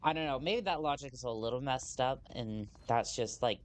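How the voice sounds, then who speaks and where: Woman streamer, casual gameplay commentary, rambling and self-correcting. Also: very deep voice. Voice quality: rambling, self-correcting, reads on-screen text slowly. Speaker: game streamer.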